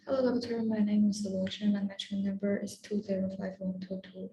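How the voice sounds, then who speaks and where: A woman's voice: mid-range voice, flat delivery, brisk, dark tone, roomy sound, poor audio. A young woman, a student, giving a class presentation hesitantly, with restarts.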